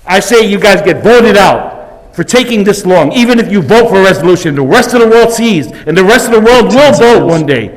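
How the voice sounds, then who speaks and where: A man's voice: high-pitched, expressive, long reverb tail, rough recording. A man speaking at a council meeting, delivering an impassioned public comment in an accusatory way. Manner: starts quiet and measured, then shouting and accusatory. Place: council chamber.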